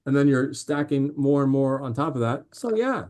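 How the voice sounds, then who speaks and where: A man's voice: medium pitch, normal speed. Chatty man, podcast guest. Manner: animated storyteller, many fillers and restarts. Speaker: podcast guest, drink company founder. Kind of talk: casual interview chat.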